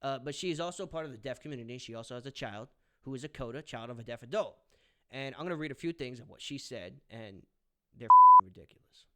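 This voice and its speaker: A young man with a clear, resonant, medium-pitched voice talks quickly as he rants about a movie review in a combative vlog. He swears freely and swings from muttering to sudden outbursts.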